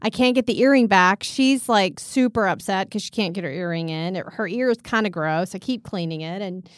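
A woman co-hosting a podcast, telling stories in an animated casual way. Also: mid-range voice, brisk, no echo, studio quality. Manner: animated storyteller, acts out quotes. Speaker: podcast co-host. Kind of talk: casual chat.

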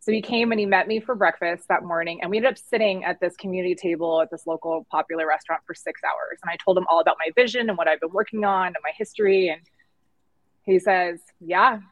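A middle-aged woman, a podcast guest, telling her career story in a candid, animated way. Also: fairly low pitch, fast talker, dry recording, low-quality recording. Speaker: podcast guest, agency founder. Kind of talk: casual interview storytelling.

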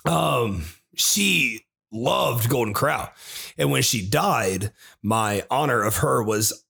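Young male podcast co-host from Ohio, rough husky voice, loose swearing storyteller. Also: medium pitch, expressive, takes it slowly, bright, forceful tone. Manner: swearing, rambling, laughs often. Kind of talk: casual chat.

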